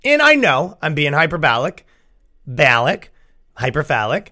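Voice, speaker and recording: A man telling stories on a comedy podcast with an animated, exasperated delivery. His voice is bright and sharp, and it sits fairly high for a man. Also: a little slow. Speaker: podcast host. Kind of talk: comedic storytelling.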